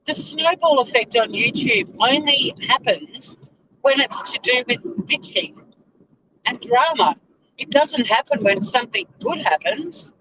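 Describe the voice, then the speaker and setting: A woman's voice: sits high, expressive, unhurried, background noise. Exasperated woman ranting from her car. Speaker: YouTuber. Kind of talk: casual vlog rant. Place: inside a car.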